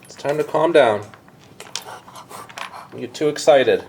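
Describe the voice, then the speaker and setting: Slow, soothing pet owner coaxing a puppy. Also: medium pitch, darkish tone. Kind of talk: talking to a puppy. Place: at home with a dog. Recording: home video with background noise.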